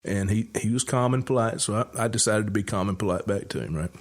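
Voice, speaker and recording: A man's voice: fairly low pitch, fast. A man hosting a podcast, telling a story in a rambling, folksy way with many fillers. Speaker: podcast host. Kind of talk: casual storytelling chat.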